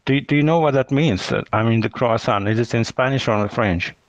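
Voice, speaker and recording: A man hosting a casual chat over a call, talking in a halting way with many fillers. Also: medium pitch, dry recording. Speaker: host. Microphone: call line. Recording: dull, dry call line.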